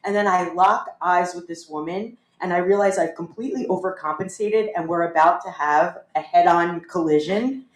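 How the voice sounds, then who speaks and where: A woman telling a funny personal story on stage, animated and self-mocking. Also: fairly low pitch, normal speed, few pauses. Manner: animated, self-mocking, acts out voices of family. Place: small theater with live audience. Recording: roomy live theater sound.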